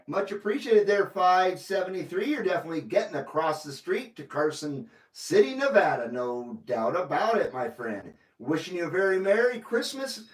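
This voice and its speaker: A high-pitched man works the CB radio, calling out handles and chatting in a casual, rambling way. He sits back from the mic in an echoey room, with a faint hiss underneath. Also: big pitch swings, normal speed, hardly any pauses. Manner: friendly, repeats call numbers, rambling asides. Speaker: CB radio operator hosting a livestream. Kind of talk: casual radio call-outs and chat. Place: radio station room in Carson City, Nevada. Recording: roomy, distant mic, faint noise.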